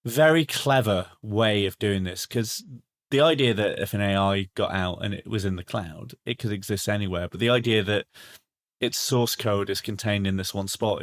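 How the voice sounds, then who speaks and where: A man co-hosting a podcast, chatting casually about a film with many restarts and fillers. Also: on the low side. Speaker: podcast co-host. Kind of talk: casual film review chat.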